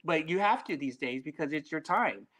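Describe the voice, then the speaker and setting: A man as a podcast guest in casual chat, talking bluntly with lots of swearing and animated swings in delivery. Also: on the high side, normal speed, crowd noise.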